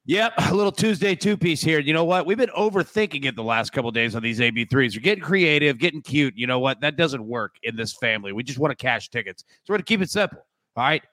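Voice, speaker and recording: A man's voice: medium pitch, lively intonation, fast talker, bright, forceful tone, dry recording. A man co-hosting a sports betting show, giving picks in a laid-back, joking way. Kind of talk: casual sports betting chat.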